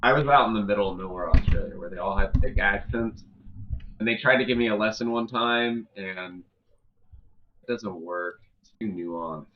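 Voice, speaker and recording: A man chatting casually on a livestream, rambling with halting restarts. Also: on the low side, lo-fi sound, slight background noise. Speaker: livestream co-host. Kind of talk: casual chat.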